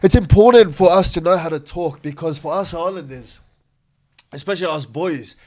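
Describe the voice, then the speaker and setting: Man, casual podcast talk, fairly high voice, animated explainer. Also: normal speed. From Sydney, Australia. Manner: animated, laughing, explains with examples. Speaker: podcast co-host giving speaking tips.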